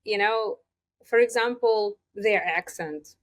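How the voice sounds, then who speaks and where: A woman's voice: mid-range voice, slow pace. Chatty woman coach with a lilt. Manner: chatty, laughs often, frequent fillers. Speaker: communication coach. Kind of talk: casual interview conversation.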